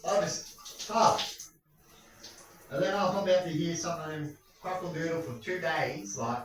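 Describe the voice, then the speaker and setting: A man's voice: on the high side, normal speed, background noise. A man ranting in a rambling monologue, crude and full of rhetorical questions. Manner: crude, rambling, keeps asking "right?". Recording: echoey room, far from mic.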